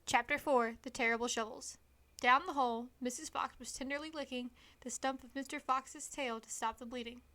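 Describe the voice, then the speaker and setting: A woman reading a children's storybook aloud in an expressive, lively manner. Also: high voice, moderate pace, no room sound. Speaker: storybook reader.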